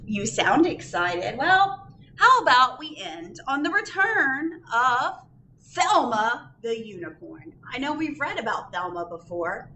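A woman's voice: high-pitched, big pitch swings, slow pace, bright, forceful tone, a little hiss or hum, rough recording. A woman librarian reading a picture book aloud at children's storytime, sing-song and asking the children questions.

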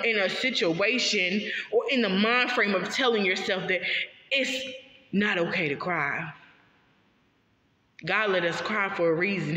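A woman's voice: medium pitch, bright, forceful tone. Emphatic woman in an echoey room. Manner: emphatic and repetitive, talks straight to listeners. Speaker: vlogger sharing her story. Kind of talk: heartfelt personal monologue. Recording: echoey room, dull lo-fi sound.

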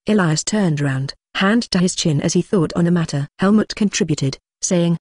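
Audiobook narrator reading fantasy, steady pace, dry close mic, mid pitch. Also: moderate pace, few pauses, no room sound.

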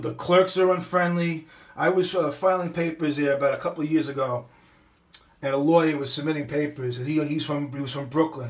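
Blunt, profane New man. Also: on the high side. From New York. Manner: blunt, profane, repeats and restarts. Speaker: vlogger. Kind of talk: casual ranting monologue.

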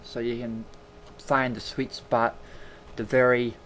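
Slow and fairly monotone, the man's mid-range voice has a somewhat bright quality, with slight background noise behind it. He's hosting a casual screen-recording tutorial at home, talking into a desktop mic, chatty and rambling, with words repeated for emphasis.

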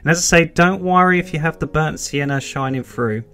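A man's voice: on the high side, brisk, a bit bright. A British man giving a step-by-step painting tutorial, chatty and encouraging, with reassurances he repeats often.

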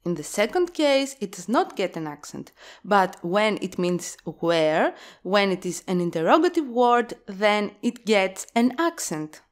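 A woman teaching a language lesson, speaking slowly and clearly and saying example words louder and drawn out. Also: mid-range voice, very animated.

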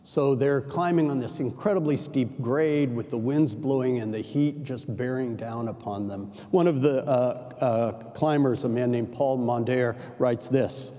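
A man's voice: medium pitch, a little slow, hardly any pauses, mellow. An older male pastor preaching a sermon in a conversational storytelling style, with chatty self-correcting asides. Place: large church sanctuary. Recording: reverberant church sanctuary.

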